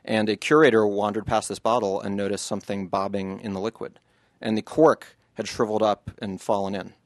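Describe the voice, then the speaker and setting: A man's voice: on the low side, little pitch movement, fairly quick, no echo. A man, an author, reading passages from his book to an audience and then answering questions in a loose, chatty way.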